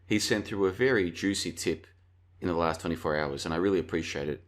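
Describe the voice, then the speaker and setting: A man's voice: low voice, quick pace. A man hosting a casual commentary video, rambling through anecdotes and calling his viewers folks. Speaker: video host.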